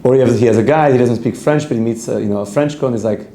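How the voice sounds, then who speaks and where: A man teaches a Torah class in an earnest, chatty way, reading Hebrew lines and explaining them. His voice is dark and mellow. The sound is roomy and echoey, with a faint hum behind it. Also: medium pitch, fast, creaky, hardly any pauses. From Canada. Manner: earnest, conversational, reads Hebrew text and translates it.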